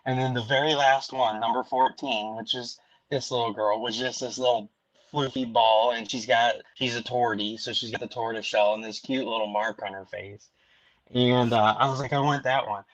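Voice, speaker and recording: A man's voice: mid-range voice, steady tone, normal speed, dry recording, highs cut off. A man hosting a podcast in casual chat, a rambling storyteller with many restarts, talking from home. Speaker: podcast host.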